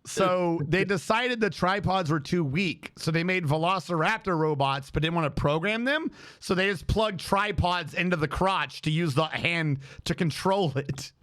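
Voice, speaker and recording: A man's voice: high voice, normal speed, a bit bright. A man streaming a game, giving rambling, profane commentary and explaining as he plays. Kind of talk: casual gameplay commentary.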